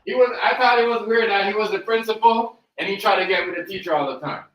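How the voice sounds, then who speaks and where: A man's voice: sits high, fast talker, lo-fi sound. Distant, echoey man chiming in. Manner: loose and agreeable, slangy. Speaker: co-host. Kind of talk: casual opinion chat. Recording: distant, roomy mic.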